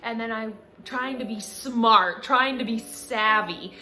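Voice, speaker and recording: A young woman vlogger retelling a story in an animated, dramatic way. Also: a little high, takes it slowly. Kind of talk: storytime vlog. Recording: echoey room, music.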